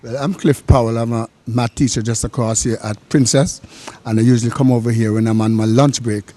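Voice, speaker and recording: A man who teaches math, talking in a relaxed, rambling way about his lunch breaks. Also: mid-range voice, a little fast.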